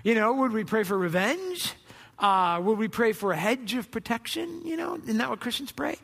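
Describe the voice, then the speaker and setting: High-voiced pastor in a reverberant hall. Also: male voice, lively intonation, normal speed, creaky, bright, forceful tone. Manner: conversational, asks rhetorical questions. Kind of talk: sermon.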